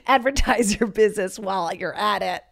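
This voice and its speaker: A woman's voice: mid-range voice, unhurried, gravelly. Brash woman telling stage stories. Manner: brash, animated, acts out voices in quotes. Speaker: podcast host and stand-up comic. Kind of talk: casual storytelling monologue.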